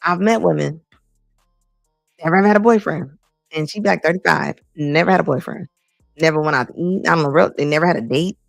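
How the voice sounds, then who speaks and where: Blunt gravelly woman commentator. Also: low voice, brisk, long pauses, no room sound, studio quality, faint music behind. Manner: blunt, emphatic, repeats lines for effect. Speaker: commentary host. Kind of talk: casual reaction commentary.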